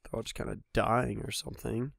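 A man's voice: fairly low pitch, fairly even intonation, fairly quick, creaky, no room sound, clean studio sound. A young man hosting a gaming channel, giving solo let's-play commentary with joking, self-mocking, rambling asides.

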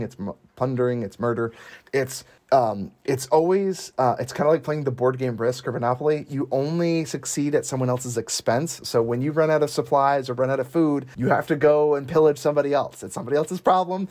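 Animated man chatting about a movie. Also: medium pitch. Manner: animated, quotes characters in playful voices. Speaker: podcast co-host. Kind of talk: casual movie review chat.

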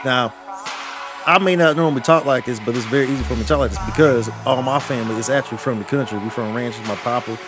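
A man with a thick Texan accent streams a game and jokes in a broad, hammed-up country drawl. His voice sits at an ordinary middle pitch, with music playing behind him. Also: fast. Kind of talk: casual gaming chat.

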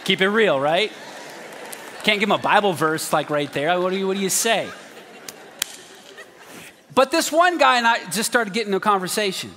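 A man preaching in a large church auditorium, with a high, bright voice that rings out under a long hall reverb. He delivers his sermon as an animated story, acting out the quotes as he goes. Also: normal speed, long pauses, some chatter behind, slight background noise. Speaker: pastor.

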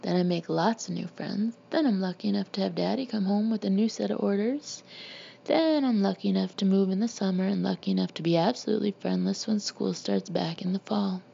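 A woman voicing a sarcastic teenage daughter of a military family, with a husky, gravelly voice. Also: medium pitch, brisk, dark tone, lo-fi sound.

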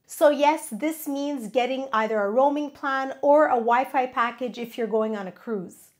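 A woman hosting a travel safety tips video in an upbeat, instructive way, her voice nasal from a cold. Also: sits high. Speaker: travel vlog host.

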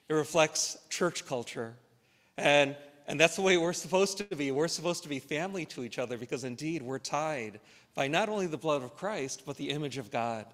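A man leading a church service as pastor, welcoming the congregation, reading scripture in a slow, measured way, and praying. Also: on the high side, fairly bright tone. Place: church sanctuary. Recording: long hall reverb.

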